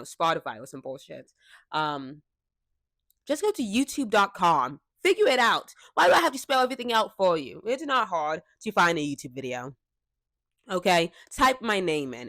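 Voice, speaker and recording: A woman's voice: lowish voice, fairly bright tone, no echo. Chatty young woman, dry close sound. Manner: chatty, self-deprecating, swears casually. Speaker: podcast host. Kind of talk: casual chat. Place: bedroom at home. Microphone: cheap clip-on microphone.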